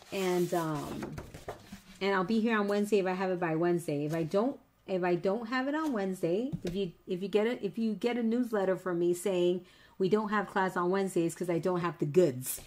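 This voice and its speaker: A woman runs a live scrapbooking class from home and talks her viewers through each step. She is chatty and encouraging and teases them playfully. Her pitch sits in the middle range, with a faint hiss of noise behind her. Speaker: scrapbooking instructor. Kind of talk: live online craft class.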